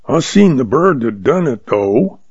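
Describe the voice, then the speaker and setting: Sneering cowboy, gravelly low drawl, a guy reading him, dry muffled audio. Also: big pitch swings, measured pace, darkish tone, dry recording, exaggerated voice. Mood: surly. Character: surly sneering cowboy man, quarrelsome.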